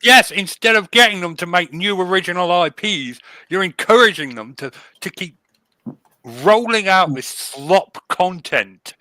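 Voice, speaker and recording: A man's voice: high voice, animated, measured pace, sharp tone, no echo. A man co-hosting a podcast, sardonic and given to ranting in casual chat. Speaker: podcast co-host.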